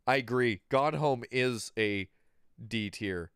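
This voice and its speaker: A man's voice: mid-range voice, lively intonation, takes it slowly, smooth, no room sound, clean studio sound. A man streaming, ranting animatedly and profanely about a video game. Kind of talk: ranting livestream commentary.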